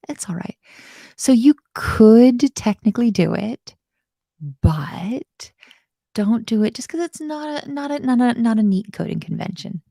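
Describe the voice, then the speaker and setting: A woman's voice: mid-range voice, creaky, dark tone, breathy edge, dry recording. Bubbly woman teaching code. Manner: bubbly, self-mocking, with murmured asides. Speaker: coding instructor. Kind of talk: live coding lesson.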